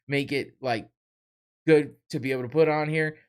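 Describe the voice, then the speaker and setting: A man's voice: on the high side, fairly even intonation, normal speed, smooth. A man hosting a podcast, ranting heatedly with blunt swearing and short laughs. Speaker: podcast host. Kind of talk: heated profane rant.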